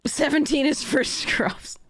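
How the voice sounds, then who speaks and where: A woman streamer giving gameplay commentary on a livestream, swearing and ranting in frustration, with high shouted bursts. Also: fairly even intonation, takes it slowly.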